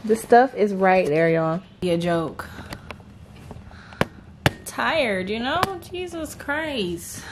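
Her mid-range voice is animated yet slow, with frequent pauses, against a noisy background. She's a woman cooking at home and casually vlogging to her viewers on a handheld camera, chatty and easygoing as she keeps speaking to them directly.

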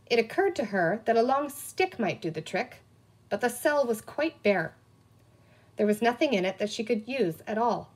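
A woman's voice: a little high, normal speed, breathy edge. A woman reading a children's book aloud, telling it expressively. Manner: expressive storytelling. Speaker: reader.

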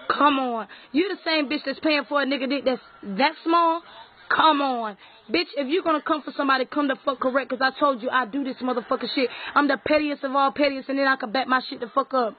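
Woman, combative trash-talking ranter, high voice, lo-fi phone-like sound. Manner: aggressive, taunting, heavy profanity. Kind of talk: profane confrontational rant. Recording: tinny phone-like audio.

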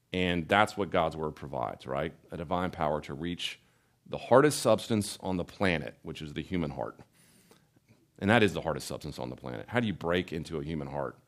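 A man teaching a Bible study in a conversational lecture, asking rhetorical questions and often checking in with "right?". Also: sits low. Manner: animated, asks rhetorical questions, adds "right?" tags.

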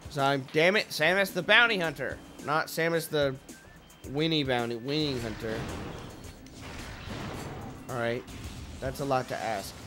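A man's voice: mid-range voice, a little slow, pauses often, music in the background. A young man hosting a let's play, commentating with jokes, swearing and sudden yelps at the game. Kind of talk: gameplay commentary.

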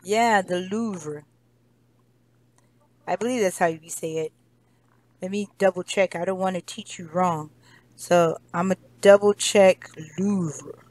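A woman's voice: fairly low pitch, slow, long pauses, darkish tone. Cheerful American woman tutoring a child. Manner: cheerful and encouraging, laughs often. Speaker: online English tutor. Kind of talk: one-on-one kids' lesson.

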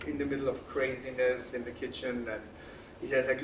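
A man telling a personal story to an audience, halting and full of fillers, laughing often. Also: medium pitch, little pitch movement, slight background noise. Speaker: speaker at a talk. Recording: roomy sound from a distant mic.

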